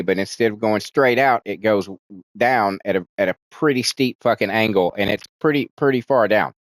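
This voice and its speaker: A man in a mid-range voice talks through a movie's plot in a loose, rambling way, swearing freely and restarting his sentences. When he quotes characters, his voice jumps up and gets more animated. The sound is dry and close, with no room echo. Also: mid-range voice. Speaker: movie reviewer. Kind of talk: casual spoken movie recap.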